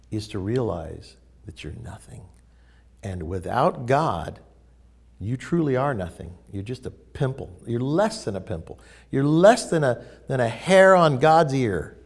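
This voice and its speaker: Gravelly-voiced guy, spiritual teacher, gets really animated telling stories, mid pitch. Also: measured pace. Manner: emphatic, animated storyteller. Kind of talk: casual spiritual talk.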